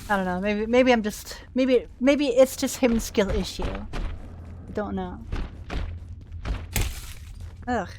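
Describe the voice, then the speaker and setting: A woman's voice: on the high side, normal speed, few pauses, noisy background. A young woman commentating her gameplay casually, grumbling and swearing in frustration. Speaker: gaming streamer. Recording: game music behind voice.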